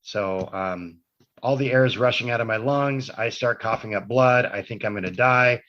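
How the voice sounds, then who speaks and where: A podcast guest with a mid-range, slightly bright male voice talks at normal speed. His casual conversation turns into a long, wandering story about his life, peppered with self-corrections, and the audio is dull and lo-fi.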